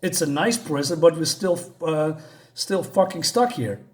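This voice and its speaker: A man's voice: fairly high pitch, animated, measured pace. A man reading the lines of an angry, frustrated man who feels trapped, with heated, cursing outbursts.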